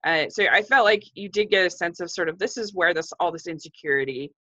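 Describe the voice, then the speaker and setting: A woman in a casual film discussion, speaking in a hesitant, measured way with many restarts. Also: fairly low pitch, sharp tone. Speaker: film reviewer. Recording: dull lo-fi sound.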